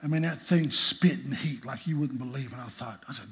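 A middle-aged man from North Carolina, telling a lively, humorous story in a sermon and acting out the quotes. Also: mid-range voice, fairly quick, few pauses, husky. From North Carolina, USA. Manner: animated, humorous, acts out quotes. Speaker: preacher.

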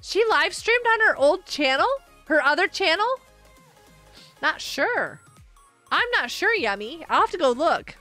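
A streamer's high, bright voice moves a little slowly as she chats during live gameplay, swinging in pitch and often gasping and laughing. She is excitable but also sleepy and yawning, with faint game music underneath.

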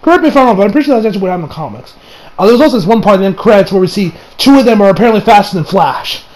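A young man giving a rambling, excitable movie review, swearing often and acting out lines in a high voice. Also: very fast. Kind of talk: casual spoken movie review.

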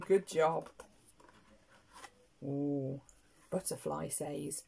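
A British woman, a nursery teacher, reading a picture book aloud to small children with playful, expressive gasps and hushed asides. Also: deep voice, slow pace, vocal fry, breathy edge.

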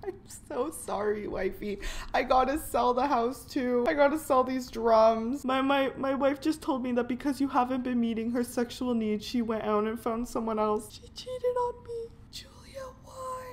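A woman's voice: fairly high pitch, fairly even intonation, normal speed. A young woman giving let's play commentary on a life simulation game, giggling often and reacting dramatically to each event. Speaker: gaming YouTuber.

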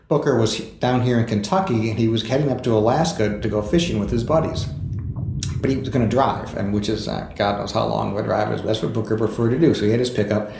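A man's voice: lowish voice, fast talker, vocal fry, noisy background. A man, a book author, telling anecdotes in a casual podcast interview, with fillers and chuckles. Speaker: author guest. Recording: echoey room.

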